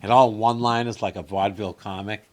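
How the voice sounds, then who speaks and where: A man's voice: lowish voice, fairly even intonation, quick pace. A man in his late sixties, a comedian, chatting casually and telling rambling stories that he acts out with quotes. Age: 60s. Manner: rambling storyteller, fond of acting out quotes. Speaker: comedian guest. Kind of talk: casual chat.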